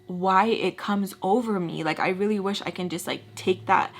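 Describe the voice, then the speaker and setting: Speaking at a normal pace in a mid-range voice, a woman tells a personal storytime to camera. She's casual and expressive, swears freely, and acts out the people in her story with quoted voices.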